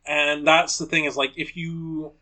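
A man with a somewhat high voice co-hosting a podcast in relaxed chat. He explains his points thoughtfully and often chimes in with agreement. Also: unhurried. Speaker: podcast co-host. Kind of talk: casual chat.

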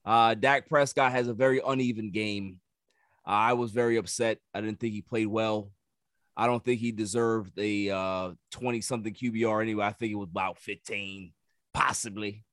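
A man with a New York accent hosting a casual sports podcast, teasing his guest with drawn-out emphasis. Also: lowish voice, steady tone, fairly bright tone, no echo, clean studio sound. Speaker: podcast host.

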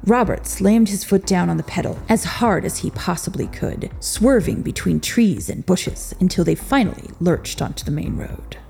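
Gravelly, expressive woman storyteller. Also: on the low side, moderate pace, hardly any pauses, soft background music. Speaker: narrator. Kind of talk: scripted narration.

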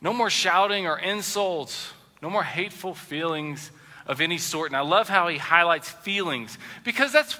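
A male pastor delivers a sermon with a high, bright voice that swoops through a wide range. He slips into the voices of the people he quotes. The sound carries the long echo of a hall, with faint music underneath. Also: lively intonation, moderate pace.

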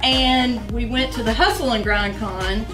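A woman's voice: fairly high pitch, measured pace, distant mic, over music. A woman with a Southern US twang chatting as an interview guest, laughing often and using folksy sayings. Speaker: guest, small business owner. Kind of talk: casual interview chat.

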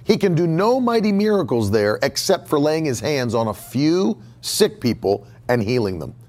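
A man's voice: a little high, big pitch swings, moderate pace, a little mellow. A man preaching a sermon as pastor, emphatic and repeating his key phrases. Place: church sanctuary.

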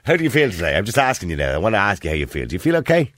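A middle-aged Irish man hosts a casual phone-in radio show with a deep, animated voice that climbs and dips all over the place. He talks quickly and laughs easily. His studio mic sounds close and dry. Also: no room sound.

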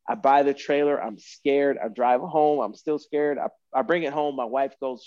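A man's voice: medium pitch, fairly even intonation, moderate pace, few pauses, a little mellow, dry recording. Man, podcast guest, rambling storyteller, repeats himself, dry muffled audio. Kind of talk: casual storytelling.

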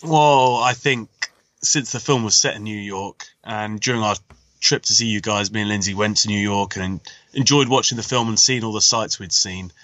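Male remote co-host, lowish pitch, muffled call sound. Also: fairly even intonation, moderate pace, fairly bright tone. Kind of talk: casual podcast chat. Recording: dull lo-fi call audio.

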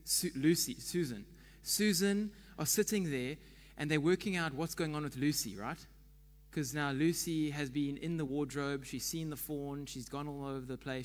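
A man's voice: on the high side, moderate pace, long reverb tail. A man giving a conversational sermon as pastor, chatty and quizzing the congregation.

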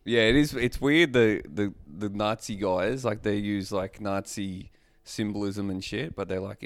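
A man's voice: lowish voice, a little slow, no echo. Laid-back Australian man agreeing. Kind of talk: casual chat.

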